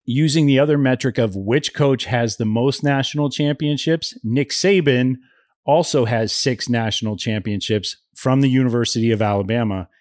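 Male co-host, mid-pitch, relaxed rambling chat, dry close sound. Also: no echo. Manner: relaxed, rambling sports talk. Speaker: podcast co-host. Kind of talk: casual travel chat.

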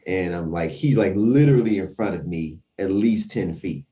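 A man casually telling a tense personal story, acting out his own quotes with lively shifts. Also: low-pitched, normal speed, recorded from a distance.

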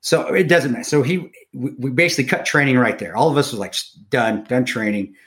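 A middle-aged man telling a war story, his voice pitched right in the middle for a man. He talks bluntly and swears freely, stumbling over restarts in loose, casual telling. It is a plain, unforced delivery. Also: a little fast, fairly bright tone. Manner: profane, blunt, full of restarts.

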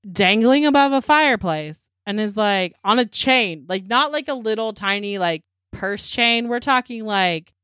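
This woman hosts a podcast, recapping a movie casually in a smooth, medium-pitched voice, unhurried and with few pauses, recorded with no room sound. She's animated, swears freely and performs the characters' lines.

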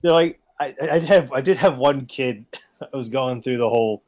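A man's voice: medium pitch, moderate pace, darkish tone. A man who teaches, chatting as a podcast guest, telling stories animatedly with casual swearing and bad puns.

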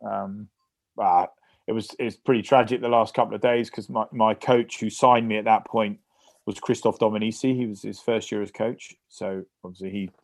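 A man with a fairly low voice speaks in a casual podcast interview. He tells his stories in a lively, anecdotal way. The sound is dry and close, with no room around it. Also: normal speed, vocal fry, dry recording. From England. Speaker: guest, former rugby player.

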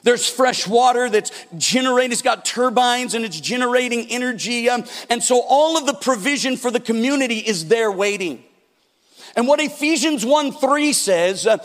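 Pastor, male, high and gravelly, storytelling sermon in a reverberant church hall. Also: fairly bright tone. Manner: storytelling preacher, acts out quotes with big shifts.

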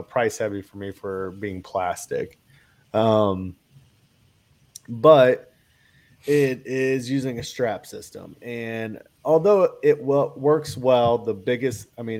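A man's voice: medium pitch, a little mellow. A man with a cold chatting casually about kayak gear, rambling with lots of fillers and restarts. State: has a cold. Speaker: kayak angler guest. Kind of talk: casual chat.

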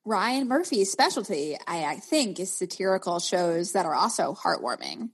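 A woman's voice: on the low side, big pitch swings, normal speed, slightly rough. A woman co-hosting a podcast with a playful, giggly way of talking. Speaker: podcast co-host. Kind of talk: casual podcast chat.

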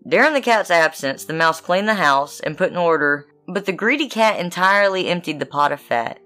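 Woman, podcast co-host, lower voice, laughing wry storyteller. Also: animated, a little fast, few pauses, fairly bright tone, faint music behind. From Southern United States. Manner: wry, laughing, blunt asides. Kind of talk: reading fairy tales with joking asides.

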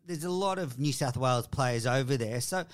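A man's voice: medium pitch, lively intonation, moderate pace. A man hosting a podcast, chatty and teasing with his guest. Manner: chatty, teasing, laughs easily. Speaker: podcast host. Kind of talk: casual interview chat.

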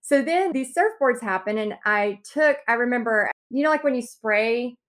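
Podcast guest: animated female storyteller, slightly high voice, acts out every quote. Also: moderate pace.

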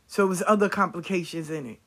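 A woman's voice: fairly low pitch, fast talker, a bit bright. A woman speaking casually to her viewers, blunt and profane, repeating her points for emphasis. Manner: emphatic repetition.

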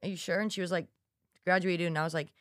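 A woman's voice: on the low side, fairly even intonation, rapid-fire, no room sound, clean studio sound. A young woman who is a college student co-hosting a podcast, chatting casually and acting out the quotes in her stories. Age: young adult. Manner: chatty storyteller, acts out quotes. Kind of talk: casual chat.

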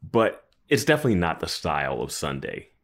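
A man's voice: deep voice, very animated, a little fast, fairly bright tone. A man co-hosting a podcast, chiming in and chuckling through a casual recap chat. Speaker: podcast co-host.

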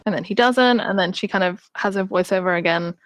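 A chatty woman host recapping a movie plot with wry asides, slipping into the characters' lines as she goes. Her voice is mid-pitched and recorded dry and close. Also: brisk, no room sound, low-quality recording. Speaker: podcast host reviewing a film. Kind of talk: casual chat.

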